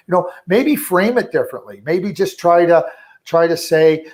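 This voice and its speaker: A man's voice: sits high, normal speed. A middle-aged man, a hockey scouting director, talking in a radio interview, often repeating words and restarting sentences. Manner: talkative, repeats words and restarts, animated when quoting.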